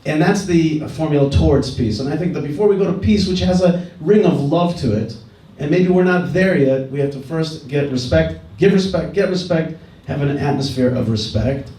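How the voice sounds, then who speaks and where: A middle-aged man with a fairly high but mellow voice tells an earnest story to a gathered audience, circling back to his key phrases. He stands away from the microphone, and the hall rings around him. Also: moderate pace, few pauses, far from the mic. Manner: earnest, repeats key phrases, frequent restarts. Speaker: speaker at a dialogue gathering. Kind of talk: public talk with storytelling. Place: indoor event hall. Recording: roomy hall, speaker away from mic.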